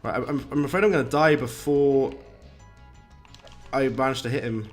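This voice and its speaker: A man's voice: mid-range voice, moderate pace. Man, live gameplay stream, chatty and rambling, faint game music behind. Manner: chatty, rambling, reads chat aloud, British slang.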